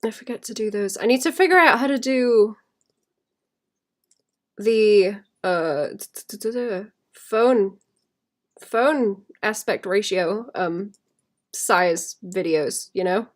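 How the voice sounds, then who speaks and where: A woman's voice: mid-range voice, slow pace. Chatty woman thinking aloud. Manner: rambling, thinks aloud, often laughs softly. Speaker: illustrator streaming while drawing. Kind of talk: casual chat while drawing.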